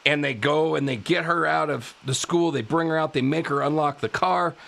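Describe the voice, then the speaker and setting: A male podcast host telling a true-crime story in a casual way, animated, laughing often and tripping over his words. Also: on the high side, normal speed, vocal fry. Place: live podcast studio.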